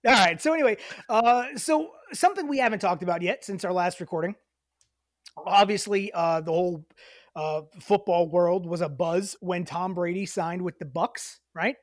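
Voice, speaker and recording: A man co-hosting a casual podcast, telling stories in an animated way, swearing and rising in pitch when riled. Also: moderate pace, no echo, clean studio sound. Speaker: podcast co-host.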